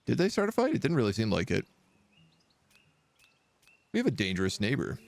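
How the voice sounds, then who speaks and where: Brisk and full of vocal fry, his mid-range voice swoops wildly in pitch. He streams a kingdom sim from his home in Quebec, thinking aloud and chatting through casual, wry commentary on the strategy game as he plays.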